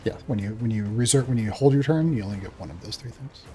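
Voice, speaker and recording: A man's voice: mid-range voice, warm tone. A man narrating and explaining rules as game master of a tabletop game. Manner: deliberate, explains rules with pauses.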